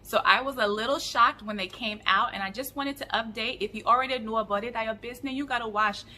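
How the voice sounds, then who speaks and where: A woman vlogger telling a story in a chatty, animated way with many fillers. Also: a little high, quick pace, slight background noise. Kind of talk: casual storytelling vlog.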